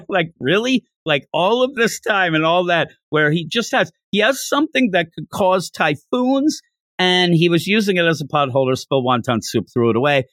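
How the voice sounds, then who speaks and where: A man hosting a podcast, recapping a manga chapter in a jokey, animated way. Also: on the high side, normal speed, no room sound, studio quality. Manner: animated, jokey, laughs while retelling. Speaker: podcast host.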